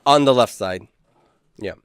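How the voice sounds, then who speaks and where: A man's voice: mid-range voice, a little slow, smooth, no echo, clean studio sound. A man teaching a class, drawing out letter sounds and adding joking asides. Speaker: Hebrew teacher. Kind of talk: classroom lecture.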